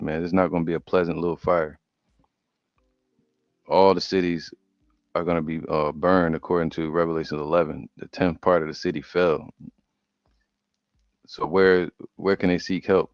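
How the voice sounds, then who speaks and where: A man preaching, reading Bible verses slowly and breaking off into casual commentary. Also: sits low, steady tone, no room sound. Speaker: preacher teaching scripture. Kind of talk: scripture study sermon. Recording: dull lo-fi audio.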